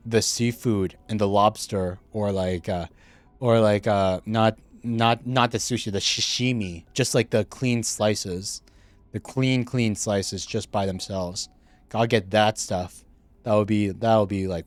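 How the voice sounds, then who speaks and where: A man's voice: lowish voice, dry recording. Rambling man streamer chatting while gaming. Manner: rambling, many fillers and restarts; laughs easily, gets excited at game moments. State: chewing food while talking. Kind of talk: casual chat while playing a game. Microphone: streaming microphone.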